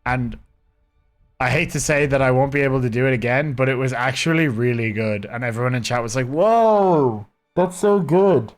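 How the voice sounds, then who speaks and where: A man's voice: medium pitch, steady tone, a little fast, soft background music. Rambling man chatting on a game stream. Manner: rambling, chatty, talking to chat. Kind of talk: casual live-stream chat. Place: his own hot room.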